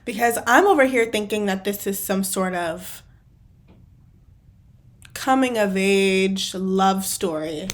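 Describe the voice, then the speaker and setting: A woman's voice: mid-range voice, slow, long pauses. Chatty woman reacting to a movie. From not British. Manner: chatty, laughs often, many fillers. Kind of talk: casual movie reaction commentary.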